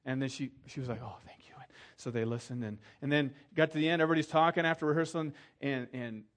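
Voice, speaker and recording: A middle-aged man, a pastor, preaching a sermon in a conversational storytelling way, acting out the people he quotes and dropping soft for emphasis. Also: mid-range voice, quick pace.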